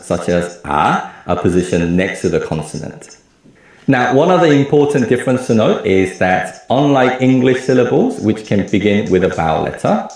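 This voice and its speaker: A man giving a scripted lecture as a language teacher, explaining slowly and in a measured way. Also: on the low side, darkish tone, heavy reverb, low-quality recording.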